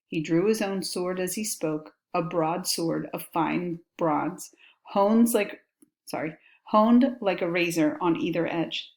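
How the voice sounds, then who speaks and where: A woman's voice: on the low side, takes it slowly. A woman teacher reading a text aloud and explaining it in a casual, chatty way.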